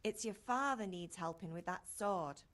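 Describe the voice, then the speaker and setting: A woman's voice: lowish voice, normal speed, a bit bright, close to an everyday voice. An actress playing Henry's mother, a caring village woman who nags her son fondly. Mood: gentle. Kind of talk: game character dialogue.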